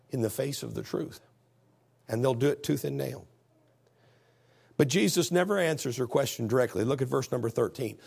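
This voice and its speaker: Male pastor, gravelly and husky, folksy emphatic sermon delivery. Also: medium pitch, a little mellow. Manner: folksy, emphatic preaching, reads scripture aloud.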